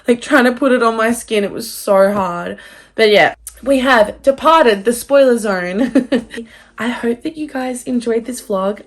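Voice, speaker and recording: Gushing young woman vlogger. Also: mid-range voice. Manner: gushing, excitable, swears freely. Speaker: book vlogger. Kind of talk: casual vlog outro.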